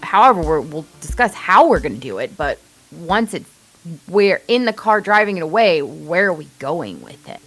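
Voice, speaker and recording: A woman playing a tabletop game, talking in an animated, rambling way. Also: lowish voice, soft background music. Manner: animated, rambling, quick to laugh. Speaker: player. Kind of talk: casual tabletop play.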